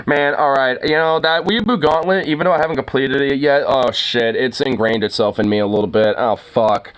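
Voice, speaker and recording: A man's voice: medium pitch, expressive, quick pace, hardly any pauses. A man giving casual reaction commentary, rambling and profane, with many fillers. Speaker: streamer reacting to a video.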